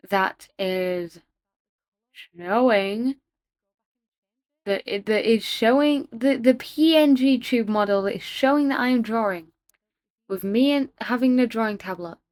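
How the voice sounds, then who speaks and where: A woman chatting excitedly in a casual voiceover about her own animation, self-deprecating and talking straight to her viewers. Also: medium pitch, no room sound. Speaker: animator narrating her work. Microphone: home voiceover mic.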